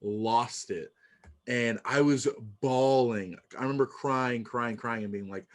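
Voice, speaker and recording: A man's voice: mid-range voice, slow. A young man co-hosting a casual podcast, rambling through a childhood school story and making fun of himself. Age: young adult. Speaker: podcast co-host. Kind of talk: casual chat.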